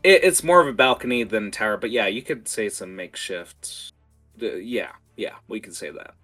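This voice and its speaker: A man running a tabletop game as game master, talking in a lively, rambling way with fillers. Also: fairly low pitch, a little fast, faint music behind.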